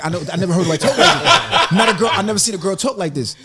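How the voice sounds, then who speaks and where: A man's voice: sits high, very animated, very fast, very noisy. A middle-aged man from Jamaica, an interview guest telling stories animatedly in street slang. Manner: street slang, repeats "you know what I'm saying". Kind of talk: animated storytelling.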